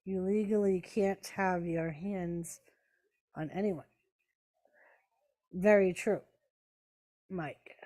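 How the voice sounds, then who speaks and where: A woman's voice: fairly low pitch, steady tone, extremely slow, long pauses, dark tone. A woman hosting a casual live-stream watch party, chatting with viewers, calling the action and talking to her pets. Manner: chatty, answers chat and talks to her pets.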